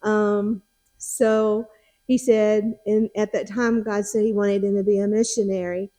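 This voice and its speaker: A middle-aged woman, a former preschool teacher, gently telling a family story in a relaxed, casual way. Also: medium pitch, unhurried.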